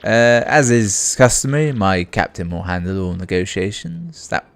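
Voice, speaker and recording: A man's voice: fairly low pitch, animated, normal speed, no echo. A man voicing a pompous, vain, rich ship owner who talks in a grand, boastful, theatrical way.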